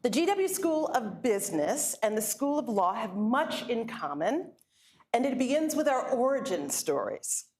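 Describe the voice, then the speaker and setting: A woman's voice: on the high side, big pitch swings, unhurried. A woman delivers a public lecture at a university event in a gracious, lightly humorous way. A faint hiss sits under her voice. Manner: warm, gracious, with light self-deprecating humor. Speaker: guest lecturer, law school dean.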